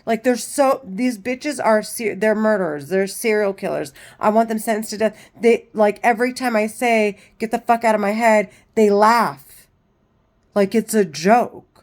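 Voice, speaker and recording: A woman's voice: medium pitch, unhurried, a little mellow. A woman vlogging in a rambling, agitated monologue full of profanity and restarts.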